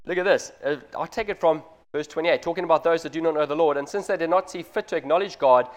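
A man in his thirties preaches to a congregation in an earnest, direct manner. His voice sits a little higher than most men's, and he presses each point home as he addresses the parents. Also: fast. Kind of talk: sermon.

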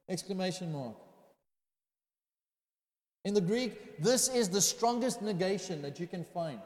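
A man's voice: high-pitched, unhurried, pauses often, a little mellow. A man preaching a sermon, asking rhetorical questions and building to emphatic declarations. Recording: echoey hall.

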